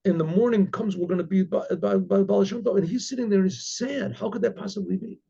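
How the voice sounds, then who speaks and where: A man's voice: high-pitched, fast talker, vocal fry, dark tone, slightly rough, dull audio, exaggerated voice. A man voicing a cheerful group of male pilgrims, coaxing and jovial. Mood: puzzled.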